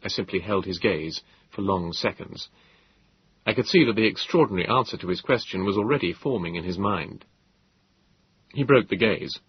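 Husky guy reading a story aloud, lively rise and fall, slightly dull muffled sound. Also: on the low side. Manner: measured, expressive storytelling. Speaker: audiobook narrator. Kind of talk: scripted narration.

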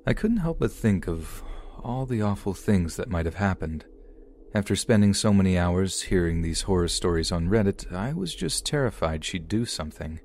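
A man reading an online story aloud in steady, scripted narration. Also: deep voice, moderate pace, slight background noise.

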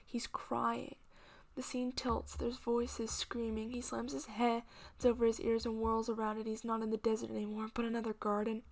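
Brief: female story reader, fiction, flat steady delivery, slips into whispers. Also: fairly high pitch, moderate pace. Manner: drops often into hushed whispers. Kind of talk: dramatic fiction reading.

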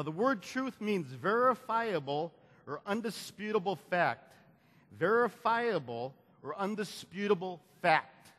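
High-voiced preacher with booming hall echo. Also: male voice, a bit bright. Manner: repeats phrases, builds to emphatic climaxes, calls for congregation response. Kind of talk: sermon. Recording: long hall reverb.

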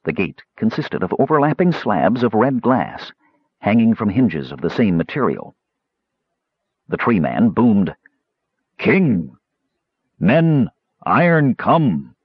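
Low, husky male audiobook narrator. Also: unhurried, dry recording, lo-fi sound. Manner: steady storytelling with varied voices. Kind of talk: scripted narration.

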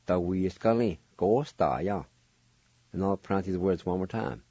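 A man's voice: low voice, normal speed, warm tone, husky, dry recording, muffled recording. A man hosting a radio lesson, spelling and pronouncing words syllable by syllable, repeating each one with care. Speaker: radio host teaching language. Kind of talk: slow instructional spelling and pronunciation.

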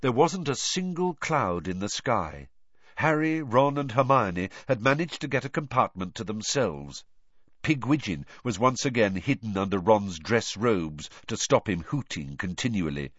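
Expressive male audiobook narrator. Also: lowish voice, dry recording, muffled recording. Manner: expressive, animated reading.

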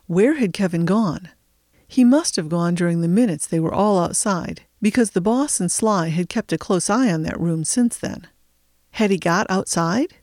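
A woman narrates an audiobook in a steady, measured way. Her voice sits fairly low, recorded close and dry with no room sound. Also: no echo.

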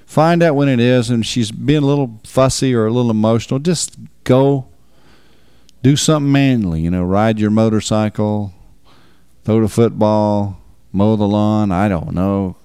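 Gravelly-voiced man preaching folksy marriage advice. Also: lowish voice, moderate pace, dark tone, dry recording, clean studio sound. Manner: folksy, emphatic, repeats words for stress. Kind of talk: sermon.

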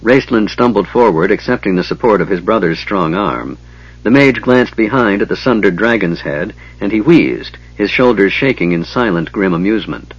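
A man narrating an audiobook in a steady, even reading. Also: on the low side, moderate pace, breathy edge, dry recording. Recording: dull lo-fi, dry.

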